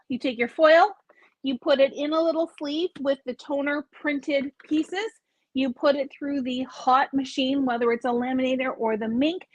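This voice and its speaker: A woman's voice: high-pitched, no echo. A woman hosting a live craft store video, chatty and explanatory, often correcting herself as she shows products. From Canada.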